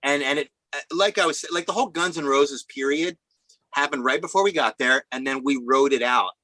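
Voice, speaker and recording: A man, a musician guest, casually telling animated anecdotes and acting out the voices of people in them. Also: mid-range voice, a little fast, no room sound, rough recording. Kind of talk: casual storytelling chat.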